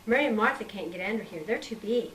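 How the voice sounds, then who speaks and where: A woman's voice: medium pitch, fast, reverberant, recorded from a distance, slight background noise, lightly acted. A woman voicing a spirited, bossy young girl ordering her little sister around. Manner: bossy, excited.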